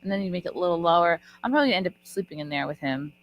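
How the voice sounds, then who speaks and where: Woman host, 30s, lowish voice, rambling live podcast chat. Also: expressive, very fast, muffled recording. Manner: chatty, rambling, trailing off mid-sentence. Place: live event at a resort.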